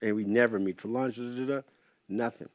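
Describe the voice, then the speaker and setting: A middle-aged man as an interview guest, telling casual stories in an animated way, swearing freely and acting out what others said. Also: medium pitch, fast talker, no room sound. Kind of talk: casual storytelling.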